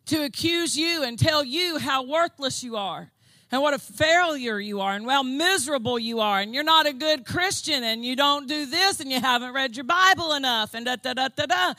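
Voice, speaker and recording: A woman preaching a fervent sermon, repeating phrases and building to shouted declarations. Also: high voice, no room sound. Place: church service.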